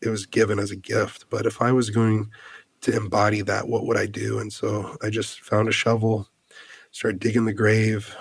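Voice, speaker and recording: On a podcast, an American guest in his thirties shares a heartfelt personal story with earnest sincerity, stumbling into restarts and peppering it with "like." His voice sits lowish with a breathy edge, and there's no echo.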